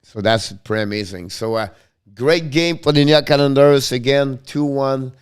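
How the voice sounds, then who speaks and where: A man hosting a casual hockey live stream, thanking viewers by name with many halting fillers. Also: mid-range voice, clear, resonant tone.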